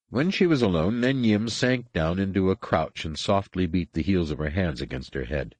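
A man narrating an audiobook in a deep, low voice with a husky grain. His reading is measured yet lively in pitch, recorded dry and close with no room sound. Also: no echo. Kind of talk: scripted narration.

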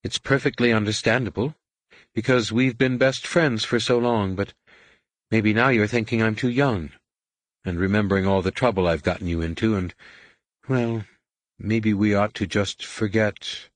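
A male narrator voicing a nervous, hopeful young woman who speaks hesitantly, raised a little in pitch. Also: no echo, lightly acted. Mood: anxious. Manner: hesitant, halting.

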